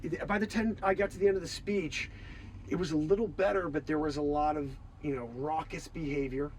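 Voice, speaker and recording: A man hosting an improvised comedy stream, sounding a bit hoarse, swinging from mock-outraged shouting to low muttering. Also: steady tone, brisk, slight background noise. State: hoarse, losing his voice.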